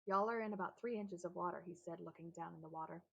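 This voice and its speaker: A woman's voice: lowish voice, fast talker, vocal fry, breathy edge, lo-fi sound. A woman voicing a weary camp counselor. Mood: dry, practical. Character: weary, worried young male camp counselor. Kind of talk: audiobook character voice.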